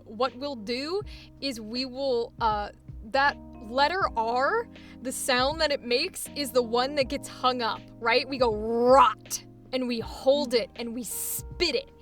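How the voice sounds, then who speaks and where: Woman coach, animated explaining, laughs a lot, high pitch, faint music behind. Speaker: voice acting coach. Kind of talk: coaching session.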